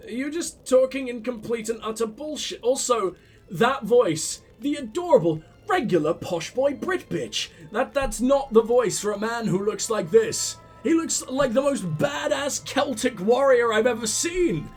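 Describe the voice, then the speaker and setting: A man's voice: very high voice, lively intonation, measured pace, breathy edge, faint music behind. A man commentating a video game playthrough, sarcastic and profane, mocking the characters on screen. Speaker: let's play host. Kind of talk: gaming commentary.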